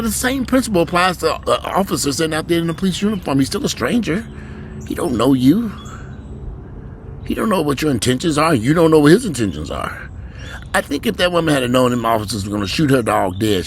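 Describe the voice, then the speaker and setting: A man ranting bluntly and profanely to his viewers from home, with sudden loud rises in a voice. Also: mid-range voice, slight background noise. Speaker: vlogger.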